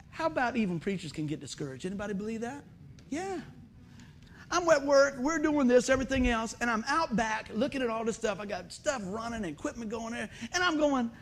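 A man preaching a sermon, telling stories in a folksy, animated way and acting out the dialogue. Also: very high-pitched, normal speed, slight background noise. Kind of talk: sermon with storytelling.

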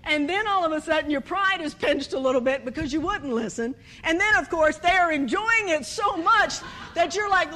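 A woman giving a humorous sermon, animated and storytelling, acting out bits of dialogue and laughing often. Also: very high-pitched, moderate pace. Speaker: speaker at a church service.

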